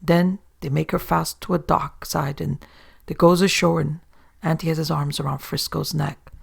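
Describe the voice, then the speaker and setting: A woman's voice: low voice, level tone, normal speed, vocal fry, breathy edge. A woman narrating a horror tale of the sea in a folksy sailor-yarn manner. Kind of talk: horror story reading.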